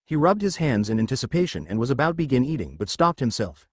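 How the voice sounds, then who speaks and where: A man narrating a fan fiction story in a steady storytelling manner. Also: medium pitch, quick pace, breathy edge, no room sound, clean studio sound.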